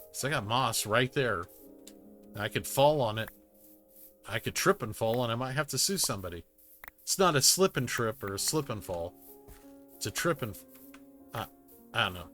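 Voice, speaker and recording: A man's voice: mid-range voice, bright, forceful tone. A man giving rambling, jokey gameplay commentary, muttering self-deprecating asides to himself as he plays. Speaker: gaming YouTuber. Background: music.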